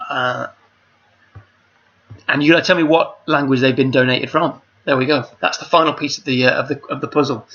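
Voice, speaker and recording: A man with a slightly high, pushed, bright voice hosts a charity quiz on a video call, chatty and rambling as he reads every question twice. The call audio is dull and lo-fi.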